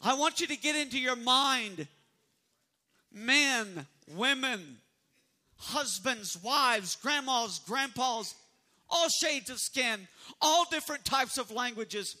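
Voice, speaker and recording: A man's voice: extremely high pitch, lively intonation, slow, sharp tone. A man pastor preaching a sermon and leading his congregation in call-and-response. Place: church sanctuary.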